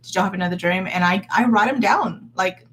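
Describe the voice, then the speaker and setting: A woman's voice: mid-range voice, a little fast, fairly bright tone, slight background noise. A woman in her thirties talking casually and earnestly to her viewers, encouraging and full of fillers and restarts. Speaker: vlogger. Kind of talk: casual faith vlog talk.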